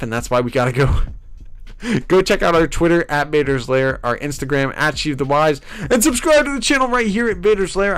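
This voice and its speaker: A man's voice: medium pitch, a bit bright, clear, resonant tone, dry recording. A man hosting a casual livestream, upbeat and hyped, reading viewer comments aloud, with a stuffy nose from allergies. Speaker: livestream host.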